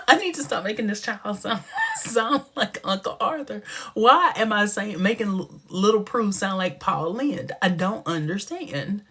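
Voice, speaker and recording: A young man with a high, slightly rough voice hosts a casual livestream at a measured pace. He is chatty and animated, laughing often and sometimes dropping into a whisper.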